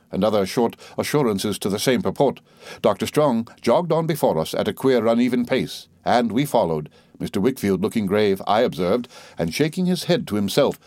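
A man narrating a novel in a measured, steady reading. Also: fairly low pitch, dry recording, studio quality. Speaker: audiobook narrator. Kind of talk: scripted narration.

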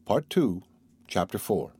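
A man narrating an audiobook of a classic novel in a measured, unhurried reading. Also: lowish voice, big pitch swings, warm tone, slightly rough.

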